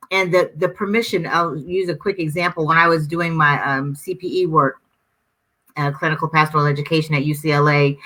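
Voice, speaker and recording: A woman's voice: low voice, pushed and bright, low-quality recording. A middle-aged woman speaking as a guest, fervent and preacher-like, with lots of repetition. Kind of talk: conversational discussion.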